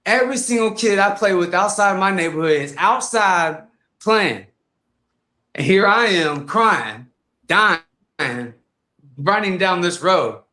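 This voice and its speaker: A man, a fighter and guest, telling comic stories in a lively way and acting out voices. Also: high-pitched, slow, roomy sound. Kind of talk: animated storytelling on a podcast.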